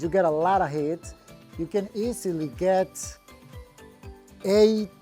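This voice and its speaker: A man's voice: high voice, mellow. A man working as a landscaping contractor, giving a casual, upbeat walkthrough of a finished patio outdoors. He talks plainly and sounds proud of the work.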